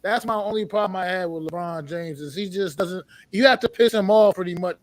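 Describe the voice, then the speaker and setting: A young man with a high voice makes his case in a casual sports chat. He stumbles and repeats words, then speeds up when his point lands. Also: fairly quick, dry recording. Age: young adult. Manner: stammering, animated when making a point. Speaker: podcast co-host.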